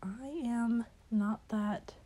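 Young woman, very dark mellow tone, slightly husky and stuffy, rambling casual Q&A, hesitant with soft laughs. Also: fairly high pitch, extremely slow. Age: young adult. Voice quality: slightly stuffy, as if she has a cold. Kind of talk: casual Q&A, answering listed questions.

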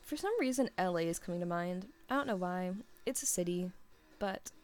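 A woman's voice: on the low side, expressive, a little fast, darkish tone, soft background music. A young woman in her twenties chatting casually as she answers listener questions, rambling and giggly, with many fillers. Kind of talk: casual chat.

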